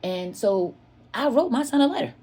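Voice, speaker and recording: A woman's voice: on the high side, lively intonation, moderate pace, warm tone, breathy edge. A woman telling a candid personal story to her viewers in an earnest, confessional way. She repeats herself for emphasis and often speaks to her listeners as "y'all.".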